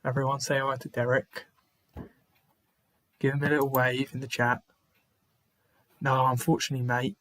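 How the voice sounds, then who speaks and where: A man's voice: medium pitch, little pitch movement, moderate pace, pauses often, fairly bright tone, dry recording. A man hosting a live football watchalong stream, chatting to viewers in the chat by name, sighing often and restarting his phrases. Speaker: livestream host. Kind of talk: live match watchalong commentary.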